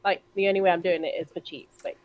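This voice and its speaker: A woman's voice: on the low side, steady tone, rapid-fire, a little mellow. A woman co-hosting a podcast in casual chat, easygoing and plainspoken. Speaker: podcast co-host. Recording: dull lo-fi mic.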